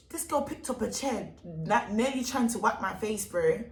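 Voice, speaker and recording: A young woman tells a storytime vlog with animated, emphatic delivery and heavy slang. Her voice sits a little high. The room adds a noticeable echo. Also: moderate pace, few pauses. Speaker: vlogger. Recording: echoey room.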